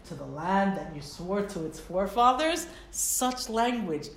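Teaching Torah in a casual, explanatory lesson, a woman with a medium-pitched voice talks at a moderate pace and barely pauses. Her manner is expressive and chatty, and she poses rhetorical questions. The room echoes, and faint background noise can be heard.

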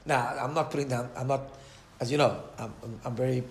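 A man's voice: medium pitch, steady tone, fairly quick, creaky, echoey room. A man teaching a Torah class in a conversational way, often asking "right?" and acting out the voices in his stories. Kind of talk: Torah lecture.

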